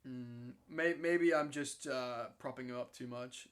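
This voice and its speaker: A man in casual game commentary, excitable and swearing freely, often restarting his sentences. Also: medium pitch, a little slow. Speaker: co-host commentating league matches.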